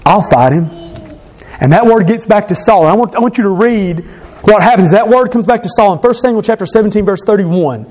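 A man's voice: high voice, fast, a little mellow. A male pastor preaching a sermon who retells a scripture story with emphatic repetition.

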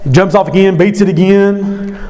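High-voiced man teaching a Bible story. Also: fairly even intonation, normal speed, warm tone. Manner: conversational retelling of a scripture story, emphatic. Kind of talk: evening Bible study teaching.

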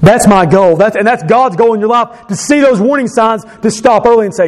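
A man's voice: high voice, fairly quick, hardly any pauses. A male pastor preaching a sermon who retells a scripture story with emphatic repetition.

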